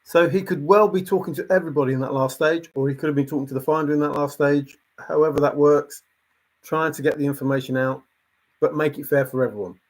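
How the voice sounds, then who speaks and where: A somewhat high, husky male voice delivering a casual video monologue. He sounds exasperated and emphatic, driving the same points home again and again. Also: fairly even intonation, fast, rough recording. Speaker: treasure hunt commentator.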